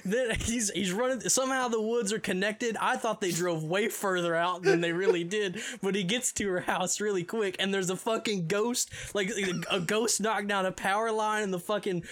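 A man's voice: high-pitched, fairly even intonation, normal speed, few pauses, fairly bright tone. A young man co-hosting a podcast, giving a rambling, profane movie recap and laughing as he goes. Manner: rambling, swears a lot, laughs mid-sentence. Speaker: podcast co-host.

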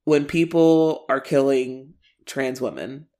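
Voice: mid-range voice, slow pace, warm tone. A podcast co-host with a mid-range voice rambles through thoughts about a show. They stop and restart their sentences and hunt for words. Swearing slips in easily. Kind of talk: casual recap chat.

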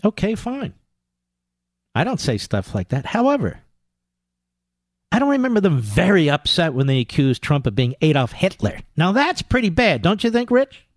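A man's voice: high voice, big pitch swings, normal speed, no room sound, studio quality. A male talk radio host delivering a combative, sarcastic political monologue, mocking his critics with impressions.

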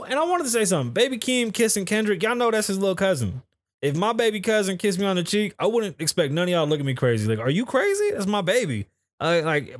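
A man's voice: on the high side, no echo, clean studio sound. A man hosting his own podcast, rambling in a blunt, profane, casual way as he chats about pop culture and his city. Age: adult, calls himself too old for festivals. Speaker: podcast host. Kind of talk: casual solo podcast commentary. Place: home in Las Vegas.

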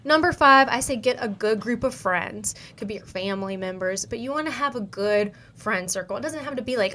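A woman's voice: fairly high pitch, lively intonation, a little fast, hardly any pauses, bright, forceful tone, a little hiss or hum. A young woman with a Southern US country accent, hosting a podcast and giving casual, upbeat advice, full of "like" and "you know". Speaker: podcast host.

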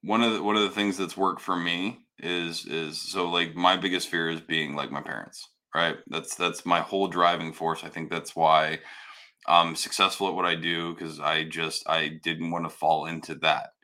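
A man's voice: low voice, flat delivery, moderate pace, sharp tone. A man hosting a casual chat, blunt and swearing as he gives advice. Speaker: host.

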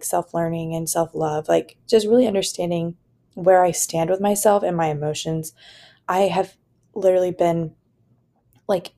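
A young woman talks alone on her podcast in a low, warm, gravelly voice. She rambles earnestly and fills her sentences with "like" and "you know". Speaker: podcast host. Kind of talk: casual solo podcast monologue.

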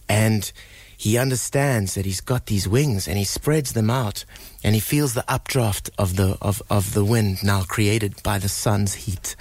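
A man's voice: on the low side, no room sound. A middle-aged man and musician guest telling a story earnestly on live radio, with frequent fillers and restarts. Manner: earnest, animated storyteller with many fillers and repeats.

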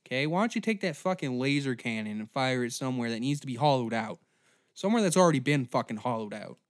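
A man ranting angrily, profane and shouty. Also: mid-range voice, animated, fast talker, no echo, clean studio sound. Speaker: comedy podcast host. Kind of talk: angry comedic rant.

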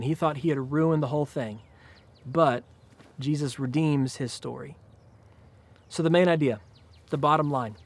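A man preaching a sermon to a church congregation, retelling scripture in a relaxed, conversational way. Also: fairly high pitch. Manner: conversational, paraphrases scripture in casual speech. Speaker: pastor.

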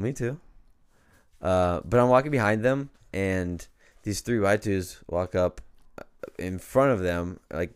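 A young man co-hosting a podcast, telling a story in a laid-back, slangy way that gets animated. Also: on the low side, clean tone. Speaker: podcast co-host. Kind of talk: casual chat, storytelling. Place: home podcast studio.

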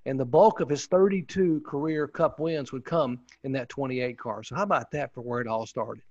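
A man's voice: mid-range voice, normal speed, a little mellow, no room sound. Former pit reporter, male, eager storyteller, dull muffled audio, dry sound. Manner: enthusiastic, rambling with restarts. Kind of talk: casual storytelling interview.

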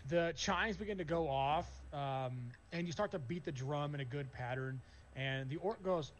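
Man, game master, laid-back rambling narration, slightly high voice, faint hiss. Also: moderate pace. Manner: loose, filler-heavy narration.

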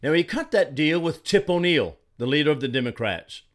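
Older male commentator from Arizona, indignant and emphatic, slightly higher voice. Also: animated, fairly quick. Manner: indignant, emphatic, repeats words when heated. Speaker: political commentator. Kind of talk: solo commentary monologue.

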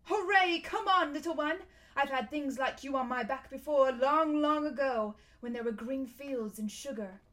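A woman's voice: a little high, expressive, normal speed, a bit bright. A woman voicing a humble, simple-minded male horse in a storybook reading, with an eager, exclaiming way of talking. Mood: excited.

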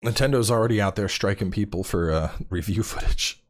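A tired man in his thirties, a podcast guest chatting casually and telling animated stories with plenty of swearing. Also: lowish voice, a little fast. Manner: animated storyteller, swears freely. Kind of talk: casual chat.

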